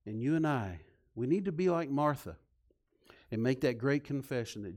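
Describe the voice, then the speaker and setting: A man preaching a sermon, swinging from loud, emphatic points to soft, low passages. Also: lively intonation, normal speed. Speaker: pastor.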